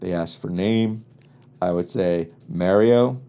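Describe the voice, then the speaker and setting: A man's voice: lowish voice, normal speed, mellow. A man hosting a podcast, originally from the US East Coast, telling rambling, wry and exasperated comic stories in a casual monologue. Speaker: podcast host. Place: home studio in Los Angeles.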